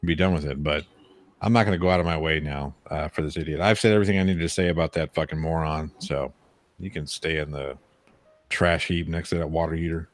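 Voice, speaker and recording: Deep-voiced blunt, profane man. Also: fairly even intonation, fairly quick, dry recording. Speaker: podcast co-host. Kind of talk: casual chat.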